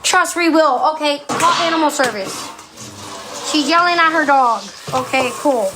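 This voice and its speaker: A woman's voice: high voice, normal speed, background noise. A woman livestreaming a defensive, profane rant at her commenters, firing rhetorical questions and barking commands at her dog.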